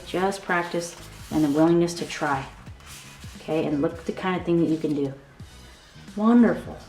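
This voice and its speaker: A woman hosting a craft tutorial, walking through her handmade album with excited, gushing talk and a frequent "okay?". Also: on the low side. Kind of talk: enthusiastic product walkthrough. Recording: echoey room with soft background music.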